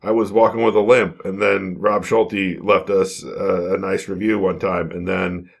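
Deep-voiced man, playfully mock-dramatic. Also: little pitch movement, measured pace, vocal fry. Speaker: podcast co-host. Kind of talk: casual outro chat.

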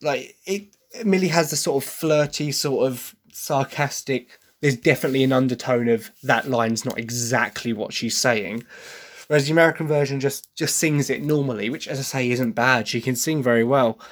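English man, podcast host, casual solo commentary, hesitant and chatty, mid-pitched. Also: normal speed. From England. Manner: chatty, hesitant, breaks into sung impressions. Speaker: podcast host reviewing a musical.

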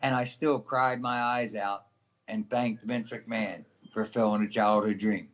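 A middle-aged man, a professional wrestler, telling animated stories in a casual interview, acting out the people in them and laughing often. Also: fairly low pitch, a little slow.

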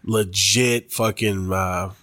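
A man's voice: low-pitched, steady tone, slow, a bit bright, no echo, studio quality. A man co-hosting a podcast in laid-back, slangy casual chat, swearing freely. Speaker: podcast co-host.

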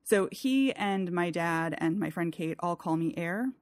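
A young woman co-hosting a podcast, friendly and giggly in relaxed chat. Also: on the low side, a little slow, no room sound, clean studio sound. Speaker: podcast co-host. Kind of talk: casual chat.

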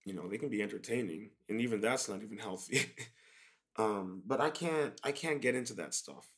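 A man's voice: lowish voice, animated, a little fast, a bit bright. A man hosting his own podcast, talking in a laid-back, rambling way with many fillers. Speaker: podcast host. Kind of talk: casual monologue.

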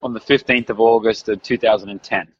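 Aussie guy in his 30s rambling through an interview, lots of ums, kinda low voice, muffled audio. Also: fast talker, noisy background. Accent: Australian. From Australia. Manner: rambling, relaxed, many fillers and restarts. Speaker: guest. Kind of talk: casual interview chat. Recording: dull lo-fi recording.

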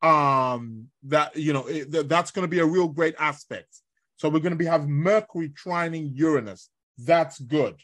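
A man hosting an astrology show live from his bed while ill with covid, rambling and chatty with lots of fillers and shout-outs to listeners. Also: fairly high pitch. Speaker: astrology podcast host. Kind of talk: casual live-stream talk.

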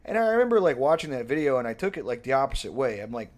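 A man on a casual podcast, telling stories in a rambling, profane, animated way. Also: medium pitch, racing. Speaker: podcast co-host. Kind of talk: casual comedic chat.

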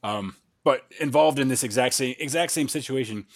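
Excited male storyteller, dry sound. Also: medium pitch, normal speed, no room sound. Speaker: podcast host or guest. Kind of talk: casual chat, telling a story.

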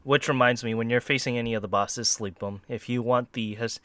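A man chatting casually about a video game, excitable and laughing often, tripping over his words. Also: medium pitch, brisk, no room sound. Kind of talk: casual gaming chat.

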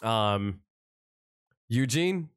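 A man's voice: mid-range voice, lively intonation, drawn-out words, clean tone. A man co-hosting a podcast in loose, joking casual chat, swearing now and then. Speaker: podcast co-host. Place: Buffalo, New York.

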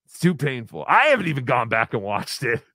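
A man hosting a casual livestream podcast, talking excitedly, swearing and laughing often as he tells a story. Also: mid-range voice, brisk, no room sound, clean studio sound. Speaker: podcast host.

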